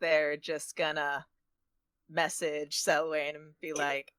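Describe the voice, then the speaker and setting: A woman's voice: sits low, level tone, slow, fairly bright tone, smooth, no room sound, studio quality. A woman playing a tabletop game, flustered and dropping into mumbles. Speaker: player. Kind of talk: casual tabletop play.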